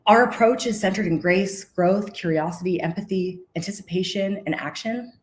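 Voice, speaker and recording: A woman's voice: mid-range voice, normal speed, slight background noise. A woman giving a conference keynote in an earnest, impassioned way, correcting herself now and then and close to tears at times. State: emotional, near tears. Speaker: keynote speaker.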